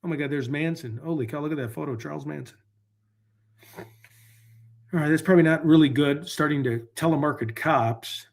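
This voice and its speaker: A man hosts a live stream and rambles to his viewers while he looks things up. His voice sits a little on the high side. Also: normal speed, creaky, long pauses. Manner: rambling, talks to chat while searching online. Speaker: livestream host. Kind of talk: casual livestream chat.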